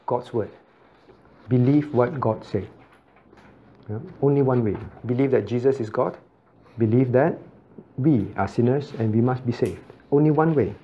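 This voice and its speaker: A man's voice: mid-range voice, a little hiss or hum. A man, a pastor teaching a Bible study who keeps asking the class questions and repeating key points. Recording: dull lo-fi recording.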